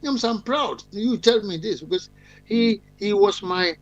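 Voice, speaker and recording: A man's voice: high-pitched, animated, moderate pace, lo-fi sound. An older man with a Ghanaian accent, a guest telling long rambling stories with many fillers and restarts. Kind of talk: live-stream discussion.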